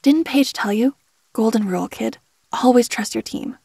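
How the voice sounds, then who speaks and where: A woman voicing a gruff, loyal veteran male team supervisor who talks bluntly. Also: a little high, normal speed, a little mellow, dry recording. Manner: blunt, calls everyone kid.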